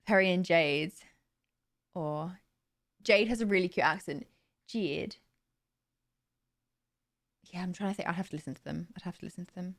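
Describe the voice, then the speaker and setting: A woman's voice: on the low side, brisk. A young woman chatting casually on a livestream, rambling and full of "like" and "you know". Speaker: streamer.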